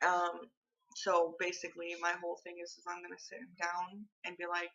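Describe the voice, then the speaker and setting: A woman's voice: on the low side, completely flat delivery, normal speed, fairly bright tone, dull audio. A young woman vlogging in casual chat to the camera, candid and rambling, with lots of fillers and restarts.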